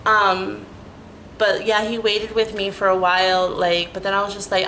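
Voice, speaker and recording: A middle-aged woman telling a rambling, animated story in a casual vlog, full of "like" and restarts. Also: mid-range voice, moderate pace, a little hiss or hum, rough recording. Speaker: storytelling vlogger.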